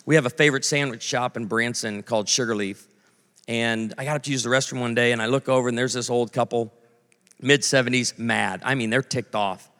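A man's voice: mid-range voice, steady tone, brisk, a bit bright. A man in his forties preaching a sermon, telling stories with comic voices and asides to the audience. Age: 40s. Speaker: pastor. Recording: long hall reverb.

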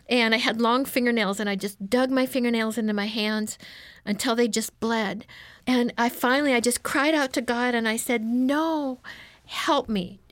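A woman's voice: on the high side, fairly bright tone, dry recording. A woman guest on an interview, telling her life story in an earnest, emotional way. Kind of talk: personal testimony in an interview.

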